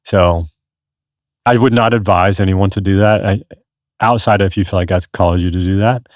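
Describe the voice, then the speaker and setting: A man's voice: low voice, fairly even intonation, moderate pace, no room sound, clean studio sound. A man in his thirties, a podcast guest, telling his story in an earnest, rambling conversational way. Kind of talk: casual conversation.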